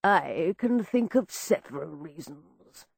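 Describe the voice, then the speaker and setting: A woman putting on a pompous, commanding older man for an audiobook. He pontificates in a lowered, slow, deliberate voice. The sound is close and dry. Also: animated, creaky, a little mellow, husky, dry recording, heavily acted. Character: pompous stout older male brother, commanding. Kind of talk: audiobook character voice.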